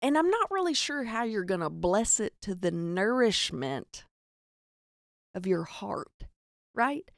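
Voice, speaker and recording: Young Southern woman, comedic podcast host, gravelly fry, dry close mic. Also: medium pitch, no echo. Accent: Southern American. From American South. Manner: chatty, self-deprecating, lots of "like". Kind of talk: comedic storytelling monologue.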